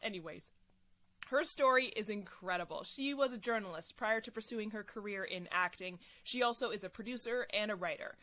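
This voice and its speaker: A woman's voice: mid-range voice, fairly quick, bright, forceful tone. A woman with a West Coast Canadian accent hosting a podcast, effusive and enthusiastic, laughing easily. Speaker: podcast host. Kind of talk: podcast intro and interview chat.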